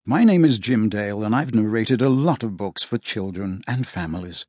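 Brief: male family-audiobook narrator, animated delivery, slightly husky tone. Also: on the low side, moderate pace, dry recording, studio quality. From England. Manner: lively, playful storytelling.

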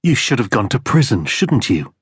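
A man's voice: mid-range voice, big pitch swings, husky, dry recording, clean studio sound. A man doing a muffled, menacing masked captor. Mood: cold anger. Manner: slow, measured and taunting.

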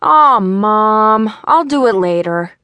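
A woman's voice: mid-range voice, takes it slowly, no room sound. A woman voicing an eager young boy who pleads with his mother. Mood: pleading. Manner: pleading, excited.

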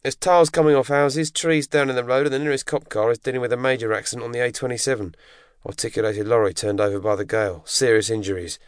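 A man playing a lazy, complacent veteran male officer who drawls slowly. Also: mid-range voice, steady tone, clear, resonant tone, no room sound, clean studio sound, pitched above the performer's own voice, lightly acted. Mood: smug.

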